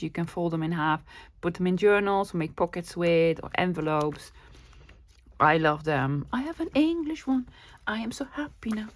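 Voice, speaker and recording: A woman vlogger chats casually while showing off her thrift haul, her medium-pitched voice breaking into bursts of giddy excitement. She's coming down with a cold and has a sore throat.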